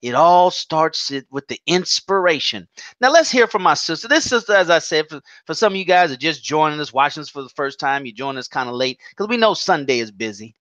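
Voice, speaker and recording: A man's voice: a little high, animated, fairly quick, a bit bright, no room sound. A man hosting an online show, rambling and repeating words as he searches for them. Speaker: host.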